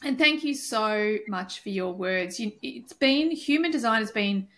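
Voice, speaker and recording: A woman's voice: on the high side, expressive, unhurried, a bit bright. A woman hosting a podcast and chatting casually, emotional and effusive, with many fillers. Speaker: podcast host and coach. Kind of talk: casual chat.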